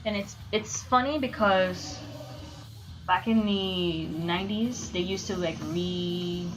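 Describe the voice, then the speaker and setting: A young woman streamer in casual chat, animated and swearing as she rants. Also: on the low side, takes it slowly, over music, rough recording.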